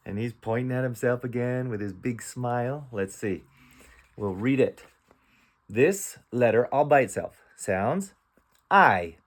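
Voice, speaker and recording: A man reads a picture book aloud as a reading teacher, going slowly and carefully. He sounds out each letter, then blends them into simple words. His pitch sits in the middle for a man. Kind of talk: slow phonics read-aloud lesson.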